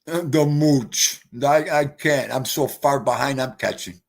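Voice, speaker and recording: Brash, profane New livestream host. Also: male voice, medium pitch, takes it slowly, vocal fry. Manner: brash, profane, greets chatters. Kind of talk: casual livestream chat.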